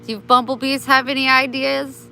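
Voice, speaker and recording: A woman's voice: high voice, flat delivery, normal speed, vocal fry, bright, forceful tone, a little hiss or hum, rough recording. A woman chatting on a casual live stream, talking kindly and motherly to her viewers and her pets.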